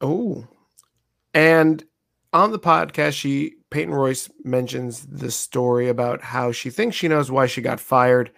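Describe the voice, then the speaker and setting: A man's voice: medium pitch, unhurried, vocal fry, fairly bright tone. A man co-hosting a podcast, chatting casually about wrestling news, laughing and joking as he asks long rambling questions. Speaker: podcast co-host. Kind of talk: casual chat.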